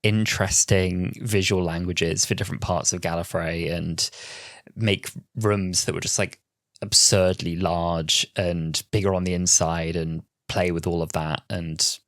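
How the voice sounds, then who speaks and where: Deep-voiced young man, earnest opinions. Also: flat delivery, a little slow, a bit bright, dry recording, clean studio sound. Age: 20s. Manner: earnest, opinionated, thinks aloud. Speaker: podcast co-host. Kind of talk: casual chat.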